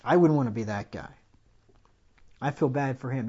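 Here a man preaches animatedly at normal speed, his mid-range voice slightly rough as it rises on key points. He asks the congregation rhetorical questions, and the recording comes across dull.

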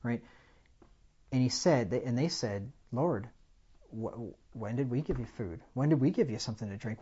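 Husky-voiced man preaching with fervor. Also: medium pitch, normal speed, dull audio. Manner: animated preaching, rising loud on emphasis, rhetorical questions. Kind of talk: sermon.

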